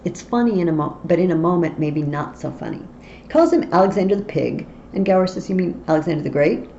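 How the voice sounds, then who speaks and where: A woman's voice: lowish voice, very animated, a little fast, gravelly, mellow. A woman teacher explaining a play in a literature tutorial, with wry asides, on a dull, faintly noisy recording.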